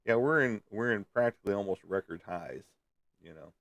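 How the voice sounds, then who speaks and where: A man's voice: fairly low pitch, animated, fairly quick, vocal fry, a bit bright, no room sound. A man hosting a casual livestream, rambling in a folksy way and chuckling as he answers viewer comments. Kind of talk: casual chat.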